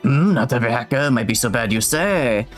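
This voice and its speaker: A man voicing a poised, earnest female game character in a put-on French accent, reading the dialogue aloud in a formal, measured way. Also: medium pitch, expressive, faint music behind, close to an everyday voice.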